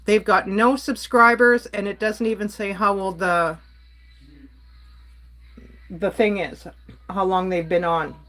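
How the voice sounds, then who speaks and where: A woman's voice: medium pitch, steady tone, takes it slowly, pauses often, a bit bright. A woman from Canada ranting on a casual livestream, exasperated and blunt while she reads and answers her chat. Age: adult.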